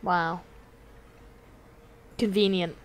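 A young woman giving casual, excitable gameplay commentary, swearing freely and talking to the characters on screen. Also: on the low side, very slow. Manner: excitable, swears a lot, talks to the game characters. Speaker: let's play host.

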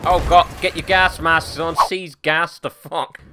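A man commentating his gameplay casually, excitable, swearing and laughing constantly. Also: a little high, unhurried, noisy background. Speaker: gaming channel host. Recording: game sounds loud behind voice.

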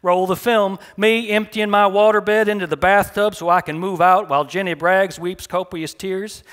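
A man's voice: sits high, steady tone, normal speed, a bit bright. A man reading his short story aloud at a live café event, in a dry, wry first-person storytelling manner.

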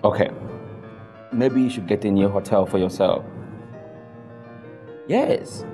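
A man playing a slow, calm friend. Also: lowish voice, soft background music. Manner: soothing, measured. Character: calm male friend on a phone call. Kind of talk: comedy skit acting.

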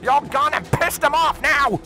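A man's voice: high voice, lively intonation, unhurried, vocal fry, bright, forceful tone, soft background music, voice pushed up, heavily acted. A man voicing a brash, hot-tempered female pony with a folksy, blunt way of talking. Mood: exasperated.

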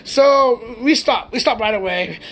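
A man's voice: extremely high pitch, a little slow, a bit bright. A man from the United States telling a rambling, profane story in a casual way, laughing as he goes.

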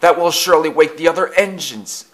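A man voicing a small, frightened young male tank engine in a storybook reading, with high, jumpy, panicky cries. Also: a little fast, a bit bright, lightly acted. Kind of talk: storybook character voice.

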